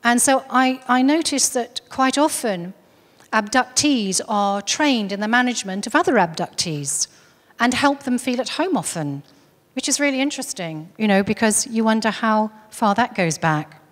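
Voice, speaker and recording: A woman's voice: fairly high pitch, expressive, moderate pace. Woman recounting a story in a reverberant hall. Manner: earnest storytelling with frequent restarts. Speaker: speaker on UFO contactees. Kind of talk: recounting a case story in a talk.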